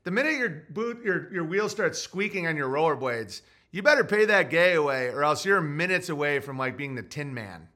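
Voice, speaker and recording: A man hosting a livestream podcast, rambling loudly and mockingly while reading out chat comments. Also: fairly high pitch, lively intonation, moderate pace, few pauses. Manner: loud, rambling and mocking, often swinging into mock voices. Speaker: podcast host.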